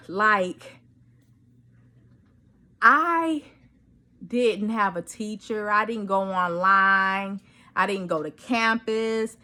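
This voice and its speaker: A woman vlogging at home in casual chat, telling an excited story and acting out her own quoted dialogue. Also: medium pitch.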